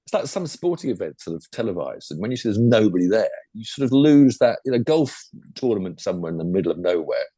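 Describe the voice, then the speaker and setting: A man's voice: on the low side, very animated, fast, mellow, breathy edge, dry recording. An older man with a chatty, rambling manner, talking casually about motorsport as a podcast co-host. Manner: chatty, rambling, full of asides. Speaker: podcast co-host and former racing driver.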